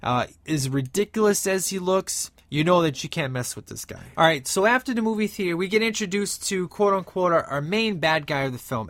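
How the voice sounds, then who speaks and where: A fairly high-voiced man chats through a movie recap for his podcast, full of "uh" and "you know". His delivery is animated and conversational, recorded dry and close with no room sound. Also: dry recording. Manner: animated, acts out movie quotes in between; frequent fillers, rambling retelling. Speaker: podcast host.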